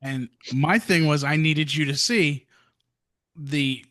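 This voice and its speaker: A man's voice: on the high side, slow pace, a bit bright. A man co-hosting a podcast in casual chat, playful and cheeky, often laughing as he talks. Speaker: podcast co-host.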